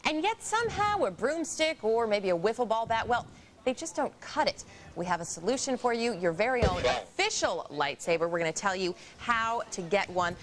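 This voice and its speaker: A woman's voice: fairly high pitch, lively intonation, normal speed, a little hiss or hum. A woman presenter reading a preview of tonight's tech show, then joking with the host. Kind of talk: scripted TV preview read. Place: TV studio.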